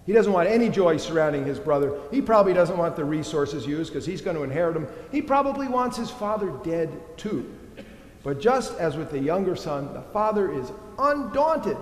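A man preaching a sermon in a church, emphatic and animated, asking the congregation rhetorical questions. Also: on the high side, moderate pace. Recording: echoey church hall.

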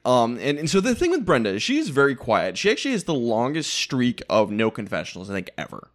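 A man talking through a reality-show recap on a podcast, his pitch bouncing around a lot as he goes. He is blunt and opinionated, with a casual, conversational delivery. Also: huge pitch swings, quick pace. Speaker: podcast co-host.

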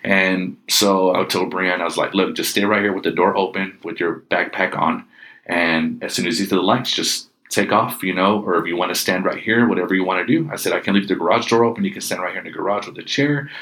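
Middle-aged man, very low voice, casual storyteller, animated quotes. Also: fast talker. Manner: animated, acts out quoted speech. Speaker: guest telling a personal ghost story.

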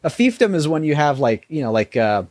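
A man co-hosting a casual podcast, talking in loose, rambling stretches and swearing lightly. His voice sits at an ordinary middle pitch. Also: brisk, darkish tone, dry recording. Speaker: podcast co-host. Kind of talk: casual chat.

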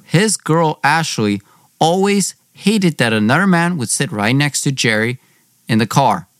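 A man's voice: a little high, lively intonation, unhurried, dry recording, clean studio sound. Young man telling a personal story. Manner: plain, conversational retelling.

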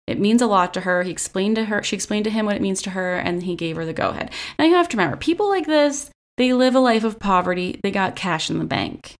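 A woman's voice: medium pitch, animated, fast talker, few pauses. A young woman giving a casual, profane recap of a reality show, chatty and sarcastic with lots of filler words, recorded on a phone. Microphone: phone selfie camera.

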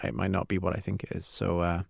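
A man with a low voice co-hosts a casual podcast. He laughs along and moves things forward, recorded close and dry. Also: level tone, quick pace, creaky, no echo. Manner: friendly, laughs along, prompting. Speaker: podcast co-host.

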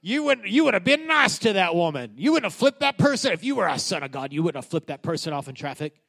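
A man's voice: sits high, big pitch swings, quick pace, gravelly, fairly bright tone, exaggerated voice. A man voicing an accusing male devil who sneers and scolds in a scornful tone.

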